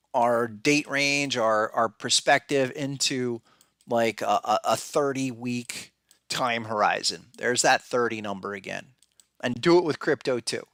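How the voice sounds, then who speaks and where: A man's voice: medium pitch, pushed and bright, no echo, clean studio sound. A man hosting a podcast, giving blunt, conversational market commentary and thinking aloud with frequent restarts. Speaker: podcast host and market analyst.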